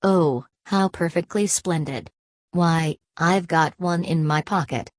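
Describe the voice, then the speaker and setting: A man's voice: on the high side, slow pace, no echo. A woman reading an audiobook, voicing a tipsy, giggling young man who squeals and hiccups. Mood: tipsy, gushing.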